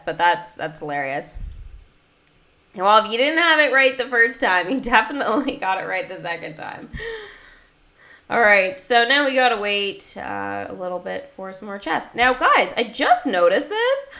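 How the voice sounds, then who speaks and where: Bright, bubbly woman streamer. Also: medium pitch. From United States. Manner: bubbly, chatty, many fillers. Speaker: gaming livestreamer. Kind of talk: casual livestream chat.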